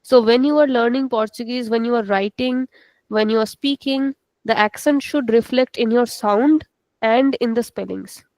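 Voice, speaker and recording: A woman's voice: on the high side, steady tone, darkish tone, dry recording, poor audio. Patient woman teaching an online class. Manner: slow, patient, repeats words for students. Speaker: Portuguese language teacher. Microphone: video call.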